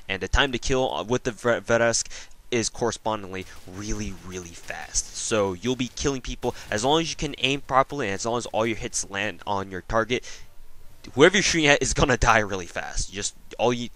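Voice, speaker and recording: A man's voice: on the low side, a bit bright. A man giving a casual video game review voice-over, rambling with lots of fillers and self-corrections.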